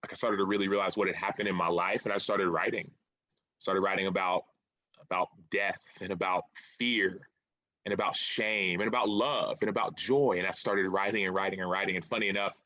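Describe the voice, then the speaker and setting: A man in his thirties recounts his life story with earnest reflection, doubling back on phrases as he goes. His voice is bright and forceful, sitting a little low. The sound is dry, with little room. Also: steady tone, brisk, dry recording, lo-fi sound. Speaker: author and former football player. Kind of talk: interview, storytelling.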